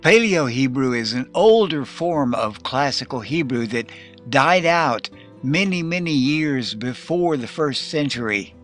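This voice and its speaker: A man teaching a recorded Hebrew class, explaining plainly and slowing down to sound out Hebrew words. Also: mid-range voice, animated, fairly bright tone, soft background music. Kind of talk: recorded lesson.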